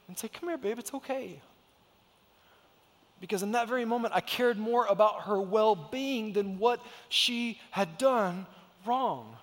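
A man in his thirties preaches to his congregation with a high voice. He tells family stories with emphasis and acts out the voices in them. His words ring out with a long reverb through the church hall. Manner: emphatic storytelling, acts out quotes. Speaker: pastor. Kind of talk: sermon. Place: church sanctuary.

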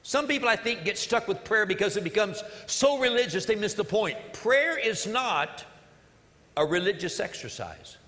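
A man's voice: high voice, animated, moderate pace, bright, forceful tone, big-room sound. A male pastor preaching a sermon in an earnest, emphatic way, repeating key phrases, during a church service.

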